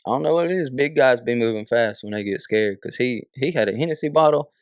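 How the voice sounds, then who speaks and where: A young man, a podcast guest, telling a story in a casual, animated way, laughing often and swearing a lot. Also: mid-range voice, fast, dry recording, clean studio sound.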